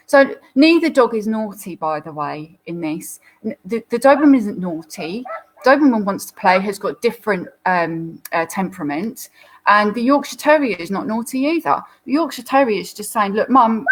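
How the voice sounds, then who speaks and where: Woman, live Q&A host, chatty, explanatory, lots of fillers, mid-pitched voice. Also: fairly bright tone, slight background noise, low-quality recording. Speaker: dog behaviourist host. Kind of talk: live Q&A commentary on viewer photos.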